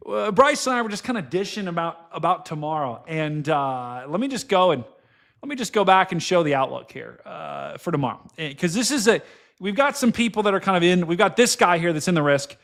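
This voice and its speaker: A young man hosting a casual weather livestream, excitable and quick to exclaim and laugh. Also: high-pitched, gravelly. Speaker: livestream weather show host.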